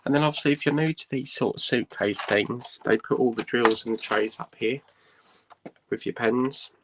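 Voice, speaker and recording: A man's voice: medium pitch, normal speed, background noise. A man hosting a casual unboxing vlog, chatting and thinking aloud with lots of "right" and "um". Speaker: host.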